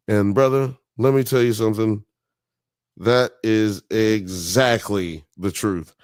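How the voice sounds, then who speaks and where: A man's voice: fairly low pitch, steady tone, takes it slowly, a little mellow, smooth, dry recording, clean studio sound. A man from Alabama with a Southern accent, hosting a podcast and rambling casually through profane, digressive commentary on a documentary. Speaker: podcast host.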